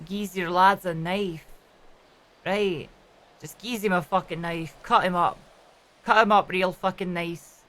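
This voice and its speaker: A woman putting on a menacing Glasgow hardman with a Glaswegian accent, speaking slowly and low. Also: steady tone, a bit bright. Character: menacing Glasgow hardman telling a violent tale.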